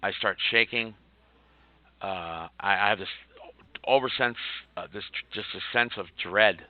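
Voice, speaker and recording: A man streaming, telling a story in a rambling, halting way with lots of swearing while he plays a game. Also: lowish voice, dry recording, phone-quality sound. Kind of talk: casual storytelling while gaming.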